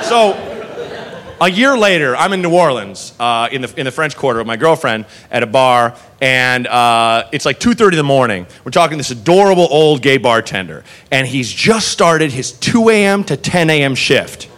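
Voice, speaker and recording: A man doing stand-up, telling a long story in a profane, animated way and acting out the people in it. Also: medium pitch, normal speed. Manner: animated, profane, acts out characters. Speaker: stand-up comedian. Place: comedy club stage. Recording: live stage recording with crowd and noise.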